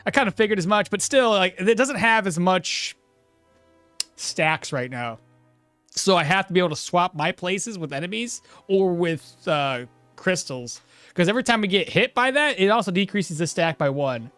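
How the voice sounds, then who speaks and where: Brief: lively, chatty game streamer, close dry mic with faint music under it. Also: mid-range voice, moderate pace, dry recording. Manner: animated, laughing, trailing off and restarting mid-sentence. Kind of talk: casual live gameplay commentary.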